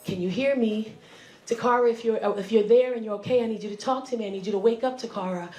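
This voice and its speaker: A woman voicing a calm male emergency call operator who talks in a soothing, measured way and keeps repeating a name. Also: on the high side, echoey room, pitched below the performer's own voice, close to an everyday voice. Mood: calm, coaxing.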